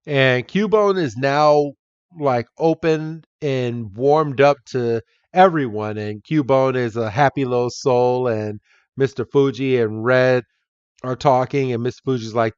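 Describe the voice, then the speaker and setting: A man's voice: medium pitch, clear, resonant tone, no room sound, highs cut off. A man co-hosting a podcast, casually recapping an episode and acting out the characters' lines. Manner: slow retelling with acted-out quotes. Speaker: podcast co-host.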